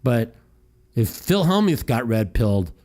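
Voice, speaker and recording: A man's voice: mid-range voice, sing-song, a little slow, a little mellow. A man hosting a casual call-in podcast, talking in a profane, heated, rambling way and often restarting his sentences. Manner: restarts and repeats himself. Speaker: podcast host. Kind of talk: casual call-in chat and rant.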